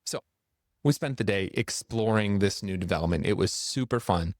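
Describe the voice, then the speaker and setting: A man's voice: lowish voice, moderate pace, no room sound, studio quality. A man telling a personal story for a church series, building suspense as he narrates.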